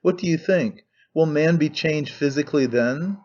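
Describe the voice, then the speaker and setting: A man voicing an intense, brooding young man obsessed with one idea, earnest and halting as he speaks. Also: a little high, darkish tone, muffled recording, lightly acted. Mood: fervent. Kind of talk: audiobook character reading.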